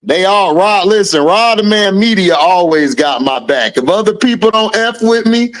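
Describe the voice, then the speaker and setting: A livestream host with a high, expressive voice talks at normal speed, reading out viewer names and answering chat. It's casual live-chat commentary, and he laughs often.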